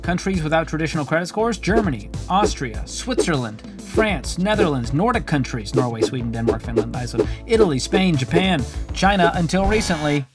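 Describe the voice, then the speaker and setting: A man's voice: on the high side, sing-song, brisk, over music. Wry, sarcastic male finance host. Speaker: personal finance host reacting to videos. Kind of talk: casual comedic commentary.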